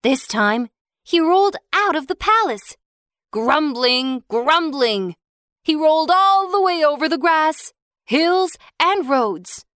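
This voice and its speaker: A woman narrating a children's storybook in an expressive, slow storytelling manner. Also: high voice, dry recording, studio quality. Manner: expressive, slow, sing-song.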